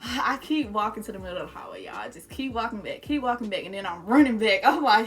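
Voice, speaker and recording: A young adult woman casually telling a story to her viewers, animated and swearing, calling them y'all. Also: on the high side, fast talker, faint music behind.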